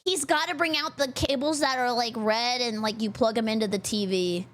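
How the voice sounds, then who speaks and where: A woman streamer chatting casually and excitedly while reacting to videos, giggling often. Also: on the high side, moderate pace, slight background noise. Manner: excitable, giggly, thanks viewers. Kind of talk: casual live-stream chat.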